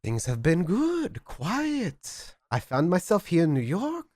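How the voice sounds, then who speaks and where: A man voicing a pompous, falsely fond male vampire sire in a loud, theatrical put-on German accent. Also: wildly swooping pitch, slow, dry recording, clean studio sound, exaggerated voice. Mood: gushing. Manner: loud, theatrical, high and swooping.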